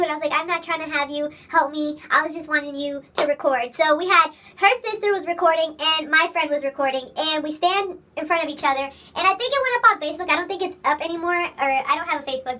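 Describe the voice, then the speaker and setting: A young woman with a very high, bright voice rambles through a casual storytime vlog. She swears freely and laughs as she tells it. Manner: rambling, profane, laughs while telling. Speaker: vlogger.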